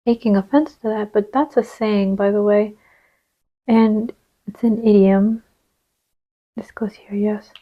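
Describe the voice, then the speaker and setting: A woman giving a channeled card reading, gentle and reassuring, sometimes dropping to a soft whisper as she places cards. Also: medium pitch, muffled recording. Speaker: tarot reader.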